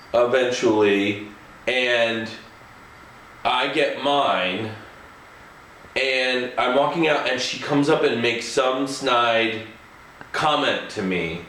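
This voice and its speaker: A man's voice: medium pitch, a bit bright, slight background noise. A man telling a casual anecdote in a chatty way, often chuckling as he talks. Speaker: storyteller. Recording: echoey room, faint ambience.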